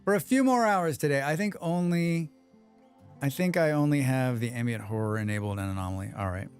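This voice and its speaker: A man hosting a live game stream, chatting quickly with viewers and thinking aloud as he plays. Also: medium pitch, faint music behind. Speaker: livestream game host. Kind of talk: casual live gameplay commentary.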